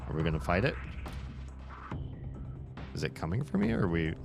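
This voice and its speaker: A man's voice: sits low, huge pitch swings, normal speed, creaky, music in the background. A man playing a video game and commenting casually, with wry, chatty reactions. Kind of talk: casual let's-play commentary.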